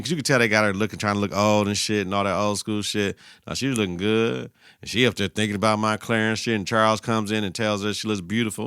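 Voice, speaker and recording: A man's voice: lowish voice, fairly bright tone, clean tone, no room sound, clean studio sound. A man hosting a podcast, recapping a TV episode in casual, profane, slang-heavy talk and talking back at the characters. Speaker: podcast host.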